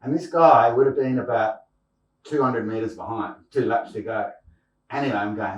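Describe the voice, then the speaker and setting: A man co-hosting a podcast tells a chatty, animated story. The recording is muffled and dull. He sounds distant from the mic in an echoey room. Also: medium pitch, normal speed. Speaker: podcast co-host. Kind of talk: casual chat, storytelling.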